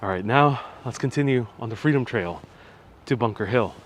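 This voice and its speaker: Walking city streets with his phone on a handheld gimbal, a man hosts a live tour, narrating casually and responding to viewer comments. His voice is medium in pitch at a normal speed, with a slight hiss or hum.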